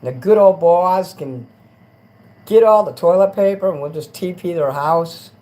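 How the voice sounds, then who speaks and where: A man's voice: sits high, a little slow, low-quality recording. Rambling, crude man on a livestream. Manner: rambling, crude, swings between mutters and loud rants. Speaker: livestream host. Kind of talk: casual late-night livestream chat.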